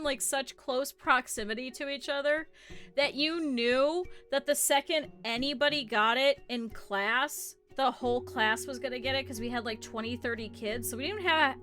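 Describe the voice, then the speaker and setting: High bright woman streamer rambling and giggling thru stories, soft music behind. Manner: rambling, giggly storytelling on tangents. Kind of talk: casual live gameplay chat.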